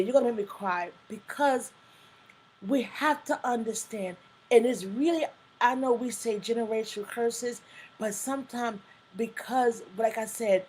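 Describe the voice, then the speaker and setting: On a low-quality recording with some hiss or hum, a woman with a fairly high, slightly mellow voice runs a live talk stream. She chats loosely and reads out viewer comments, breaking into forceful, sermon-like asides.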